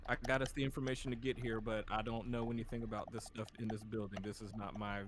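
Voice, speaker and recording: A man's voice: lowish voice, little pitch movement, quick pace, background noise. A man playing a tabletop game, speaking urgently and partly in character. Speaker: player. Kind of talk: casual tabletop role-play.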